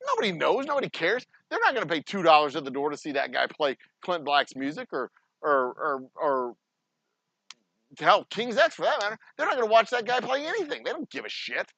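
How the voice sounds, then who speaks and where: A profane man running his own distillery vlog, ranting and rambling in a high voice that swoops wildly up and down. The tone is bright and edgy, and the sound is close and dry with no room around it. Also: big pitch swings, fairly quick, dry recording. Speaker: distillery owner. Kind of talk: casual behind-the-scenes vlog talk.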